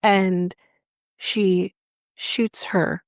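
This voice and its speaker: Slow, gravelly Canadian woman, indignant. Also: medium pitch, little pitch movement, no room sound, clean studio sound. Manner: indignant, impassioned, blunt with swearing. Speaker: podcast co-host. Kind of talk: casual podcast chat, retelling a true story.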